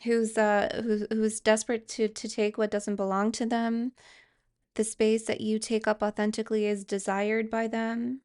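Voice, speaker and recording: A woman's voice: fairly high pitch, level tone, moderate pace, a little mellow. A woman giving a tarot card reading, speaking hesitantly with fillers and restarts and reassuring viewers directly. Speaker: tarot reader.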